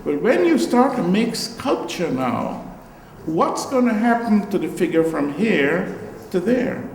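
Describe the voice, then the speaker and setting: An older man from Guyana, an artist giving a relaxed gallery talk, musing and repeating phrases with animated exclamations. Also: high voice, slow pace, creaky, echoey room, long reverb tail, a little hiss or hum, poor audio. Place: gallery room.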